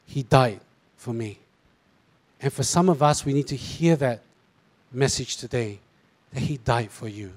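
A middle-aged pastor with a Singaporean English accent, preaching a sermon and acting out quoted voices. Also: male voice, medium pitch, normal speed. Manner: animated, mimics voices in asides.

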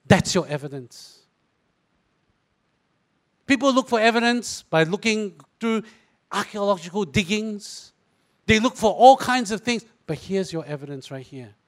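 A middle-aged male pastor with a Singaporean English accent and a high-sitting voice preaches a sermon. He is animated, acting out quoted voices and mimicking them in asides.

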